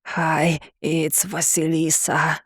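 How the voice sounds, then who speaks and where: A woman voicing a young woman turned into a sea monster, with a low, slow, growling voice. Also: level tone, fairly bright tone, husky, dry recording, clean studio sound, heavily acted. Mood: growling, pleading. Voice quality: growling, inhuman.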